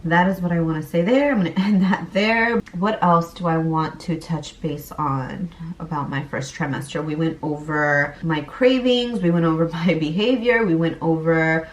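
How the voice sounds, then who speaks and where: A woman's voice: low voice, normal speed, hardly any pauses. Candid young woman, roomy and distant. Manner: candid and chatty, laughs while recalling. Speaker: vlogger. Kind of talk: casual pregnancy vlog talk. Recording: roomy, a bit far from the mic.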